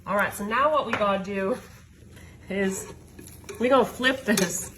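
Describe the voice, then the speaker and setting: A woman's voice: mid-range voice, a little slow, background noise. A woman demonstrating a recipe in her home kitchen, talking in a chatty, folksy way straight to her viewers. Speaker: home cook. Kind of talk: cooking demonstration.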